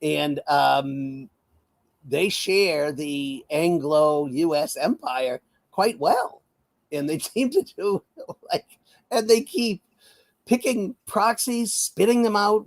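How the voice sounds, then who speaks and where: A male guest commentator talks politics in a casual, wry way, laughing often and filling his speech with restarts. His delivery is unhurried, and his voice sits a bit high for a man. He speaks over a video call. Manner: wry, laughing, full of fillers.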